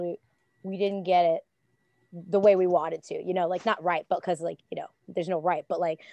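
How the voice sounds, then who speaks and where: A woman's voice: on the low side, no room sound. A woman guest on a podcast chatting casually, telling stories with lots of laughter and acting out what people said. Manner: giggly, animated storyteller acting out quotes. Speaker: guest, professional wrestler.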